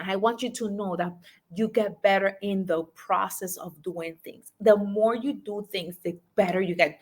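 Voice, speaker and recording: Woman coach talking into a podcast mic, emphatic and pep-talky, repeats stuff and gets you to say it back. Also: medium pitch. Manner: emphatic, coaching, repeats affirmations, asks listener to speak along. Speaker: life and business coach. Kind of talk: motivational podcast talk.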